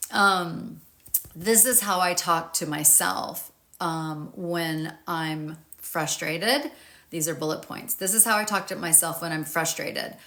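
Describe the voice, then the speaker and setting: A woman's voice: fairly low pitch, takes it slowly, bright, forceful tone. A woman author talking candidly to camera about her grief guide, frank and informal, swearing freely and thinking aloud. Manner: thinks aloud with fillers and restarts.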